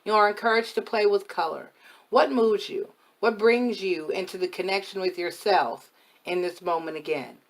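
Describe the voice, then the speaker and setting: A woman's voice: medium pitch, normal speed. A woman giving a casual tarot reading to camera as a spiritual advisor, frank and chatty, her voice a little worn from overuse. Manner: frank, chatty, blunt and motherly advice.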